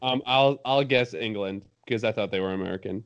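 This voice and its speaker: A man's voice: on the low side, fairly quick, no echo, lo-fi sound. Easygoing, laughing co-host man. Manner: laughing, easygoing, hedging his guesses. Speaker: podcast co-host. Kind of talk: casual drinking-game podcast chat.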